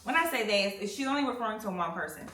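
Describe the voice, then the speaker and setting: A woman's voice: mid-range voice, fast talker. A young woman telling a personal story in a candid, slangy way while she cleans her bathroom. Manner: candid, slangy, animated retelling. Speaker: vlogger. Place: home bathroom. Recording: echoey bathroom, mic at a distance.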